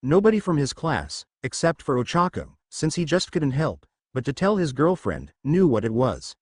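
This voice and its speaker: A man narrating a fan fiction story aloud in a lively storytelling manner. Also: a little high, normal speed, dry recording, clean studio sound.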